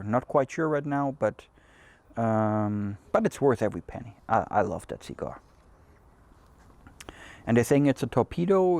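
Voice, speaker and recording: A man's voice: mid-range voice, a little mellow. A man hosting a cigar show, talking in a loose, rambling way with many fillers and restarts. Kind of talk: casual chat.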